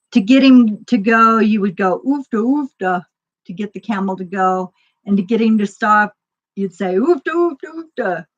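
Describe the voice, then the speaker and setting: Casual woman host, chatty and rambling, medium pitch, muffled lo-fi audio. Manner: chatty, rambling, laughs often. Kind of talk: casual chat.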